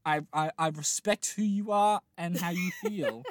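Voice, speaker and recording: Unhurried and high-voiced, a late-twenties man recounts a long, meandering dream in casual chat, laughing a lot and restarting often. The recording is dry and studio quality.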